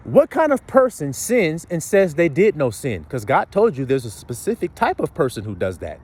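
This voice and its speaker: A man delivers a blunt, profane sermon, firing question after question at his listeners. His pitch leaps high and drops low as he builds each point. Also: wildly swooping pitch, moderate pace, darkish tone, husky. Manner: blunt, profane street preaching with rhetorical questions. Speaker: preacher.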